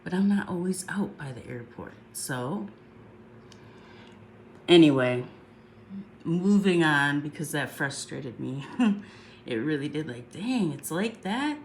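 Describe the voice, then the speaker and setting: A woman's voice: deep voice, slow pace, long pauses, a little hiss or hum. A congested woman talking casually on a livestream, rambling and chatty, often saying "um" and asking "right?" along the way.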